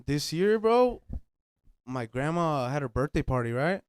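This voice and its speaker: Smooth-voiced young man telling stories. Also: fairly high pitch, measured pace, no echo. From United States. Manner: relaxed storytelling, swears casually. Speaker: podcast co-host. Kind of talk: casual chat.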